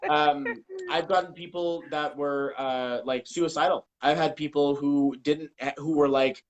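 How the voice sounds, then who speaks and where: Animated man with a slightly high voice. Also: measured pace, low-quality recording. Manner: animated, swears, acts out quotes. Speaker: guest, numerology coach. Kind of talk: casual live-stream interview storytelling. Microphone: video call.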